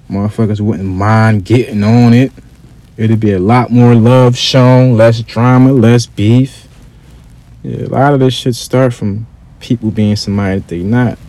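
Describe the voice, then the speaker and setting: A man with a low, dark voice rants casually to camera. He is blunt and profane, and he keeps looping back over his points with stumbles and restarts. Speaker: vlogger.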